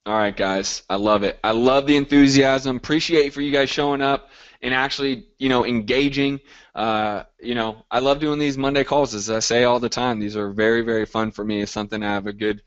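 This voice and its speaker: A man's voice: medium pitch, clear, resonant tone, muffled recording. A man hosting a live group coaching call, talking in an upbeat, motivational way and reacting to listeners by name.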